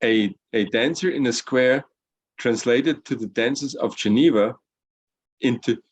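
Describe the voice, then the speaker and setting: A man in the class telling an anecdote haltingly, searching for words. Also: mid-range voice. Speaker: participant in the class.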